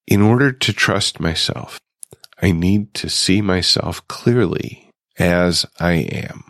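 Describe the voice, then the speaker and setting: A man's voice: sits low, slow pace, fairly bright tone, no room sound, clean studio sound. A middle-aged man hosting a recovery podcast, talking reflectively and putting questions straight to his listeners. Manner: musing, conversational, asks listeners direct questions. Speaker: podcast host. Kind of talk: reflective solo podcast monologue.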